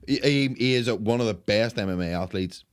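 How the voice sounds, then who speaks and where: Low-voiced blunt man. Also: a little fast, smooth. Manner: blunt, sweary, hesitant starts. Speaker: podcast co-host. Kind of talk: casual chat.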